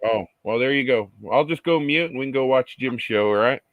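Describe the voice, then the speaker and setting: A man co-hosts a live stream with easygoing, offhand chat. His pitch is average for a man. The sound is dry and close. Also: fairly quick, dry recording, narrow, tinny audio. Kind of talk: casual chat.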